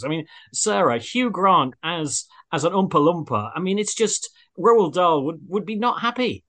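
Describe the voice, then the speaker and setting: Brief: male host, slightly high voice, rambles with fillers. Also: lively intonation, moderate pace, hardly any pauses, fairly bright tone. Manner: wordy, hesitant, with many fillers. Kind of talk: radio-style panel chat.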